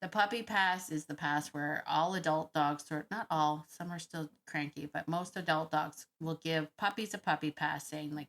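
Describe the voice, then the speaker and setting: A woman hosting a dog-training Q&A, talking casually and thinking out loud with frequent laughs. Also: fairly low pitch, moderate pace, hardly any pauses. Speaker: dog trainer podcast host. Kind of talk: casual Q&A monologue.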